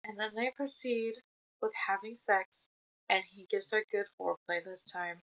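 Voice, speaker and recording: A woman co-hosting a casual book discussion, recapping the plot in a relaxed, laughing way. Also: medium pitch, normal speed, low-quality recording. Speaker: podcast co-host.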